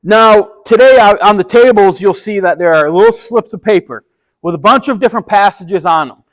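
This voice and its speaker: A man's voice: sits high, normal speed, poor audio. A man preaching a casual sermon, retelling a story in a chatty, enthusiastic and slangy way. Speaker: pastor.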